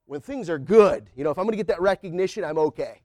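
A man delivers a sermon to a church congregation, talking to them plainly and colloquially. His voice sits high for a man and the recording is dry and close. When he acts out a prayer, he climbs up toward a near-shout. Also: animated, fast, no echo. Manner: colloquial, says y'all and man. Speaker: preacher. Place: church sanctuary.

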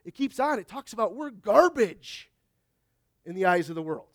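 A man's voice: high voice, very animated, moderate pace, dry recording, studio quality. A man, a pastor, preaching a conversational sermon at a church service, reading scripture aloud and often asking the congregation "Amen?". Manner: reads scripture aloud in old biblical wording.

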